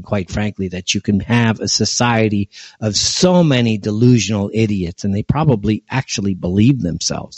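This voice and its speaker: A man's voice: on the low side, darkish tone, breathy edge, no room sound. Exasperated ranting male radio host. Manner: scornful, exasperated ranting with laughs. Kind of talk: ranting talk radio monologue. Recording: dull, lo-fi, dry sound.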